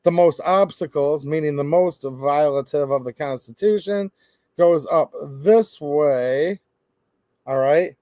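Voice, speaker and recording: A middle-aged man hosts an opinionated commentary, animated, with sarcastic asides and acted-out quotes. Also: fairly high pitch, takes it slowly, no room sound. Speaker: gun-rights channel host.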